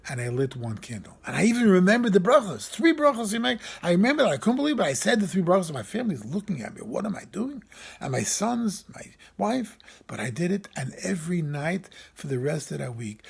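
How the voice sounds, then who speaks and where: A man serving as a camp rabbi, telling a story in an animated sermon style, voice lifting when he quotes people. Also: a little high. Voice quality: gravelly, husky.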